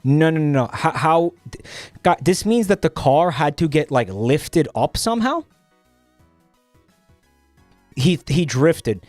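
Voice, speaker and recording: A man's voice: a little high, big pitch swings, unhurried, a little mellow, dry recording, faint music behind. A young man streaming, chatting casually while reading posts, profane and rambling with many restarts.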